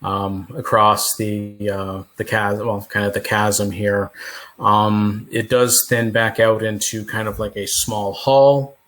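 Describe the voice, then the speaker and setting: A man's voice: fairly low pitch, flat delivery, slow pace, fairly bright tone. A man running a tabletop game as game master, describing scenes in a laid-back way with loose fillers.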